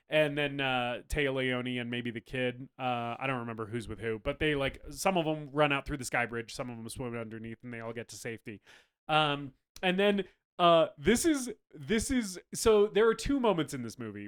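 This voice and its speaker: A man's voice: medium pitch, animated, fairly quick, clear, resonant tone. A man co-hosting a podcast, chatting casually about a movie, laughing often and acting out characters' lines. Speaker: podcast co-host. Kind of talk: casual movie review chat.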